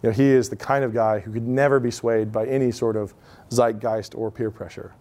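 A man's voice: medium pitch, fairly even intonation, brisk, a little mellow. A man in his thirties giving an informal talk to an audience, telling stories in a conversational way with many asides. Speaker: speaker at a live event.

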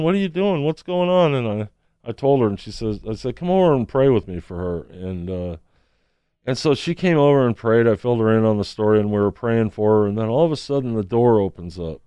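A man's voice: medium pitch, dark tone, smooth, no echo. A man telling a personal story as a testimony, acting out the people he quotes. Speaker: street counselor.

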